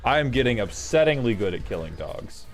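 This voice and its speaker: A man's voice: medium pitch, very animated, a little fast, soft background music. A man streaming a video game, chatting casually with dry, self-mocking jokes.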